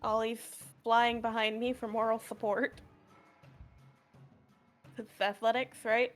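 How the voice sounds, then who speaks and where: A woman's voice: fairly high pitch, flat delivery, slow, soft background music. A woman playing in a tabletop game who talks carefully and explains her reasoning about the rules. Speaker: player. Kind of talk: casual tabletop game play.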